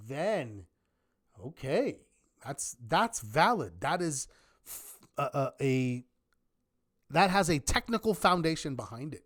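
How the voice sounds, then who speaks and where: Lively man teaching a trading class. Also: a little high, measured pace. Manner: lively, uses rhetorical questions. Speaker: trading instructor. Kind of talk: live online class.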